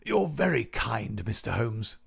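A man's voice: fairly low pitch, sing-song, unhurried, vocal fry, slightly rough, heavily acted. A man voicing a shrewd, stubborn police inspector who speaks in guarded, sly replies. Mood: polite, guarded.

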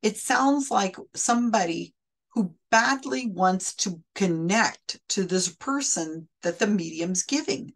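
A woman's voice: mid-range voice, expressive, slow pace. A woman commenting analytically on a recorded psychic reading, explaining and restating quotes in a picky, careful way. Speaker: skeptic commentator.

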